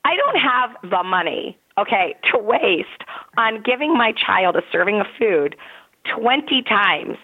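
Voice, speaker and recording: A woman's voice: medium pitch, big pitch swings, a little slow, slightly rough. A woman in casual chat, blunt and exasperated, sometimes laughing as she talks. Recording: tinny phone-like sound.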